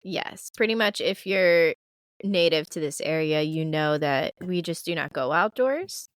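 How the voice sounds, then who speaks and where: A woman's voice: low voice, animated, unhurried, no room sound, studio quality. A woman co-hosting a podcast in casual chat, reacting playfully and laughing often. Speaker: podcast co-host.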